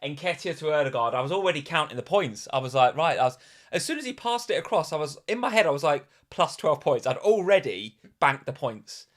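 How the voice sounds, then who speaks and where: Excitable man on a live stream. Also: fairly high pitch, brisk. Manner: animated, exclaims and repeats himself. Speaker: podcast co-host. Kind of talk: live stream chat about fantasy football.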